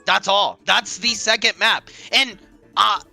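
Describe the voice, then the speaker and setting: A young man casting a competitive esports match, calling plays fast and shouting at the big moments. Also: high voice, fairly even intonation, vocal fry, faint music behind. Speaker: esports caster. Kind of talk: excited esports commentary.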